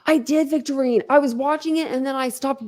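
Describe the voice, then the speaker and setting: A woman's voice: sits high, fairly even intonation, brisk, a little mellow. A woman hosting a livestream, chatting casually and bluntly with viewers, rambling and laughing often. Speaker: livestream host. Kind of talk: casual chat with live viewers.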